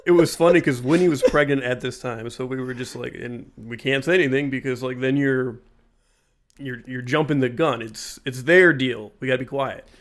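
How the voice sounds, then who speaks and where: This is a man in the middle of a casual podcast chat, speaking at an average pitch. He rambles in a relaxed way and chuckles often as he tells his side of a story. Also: moderate pace. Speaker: podcast co-host.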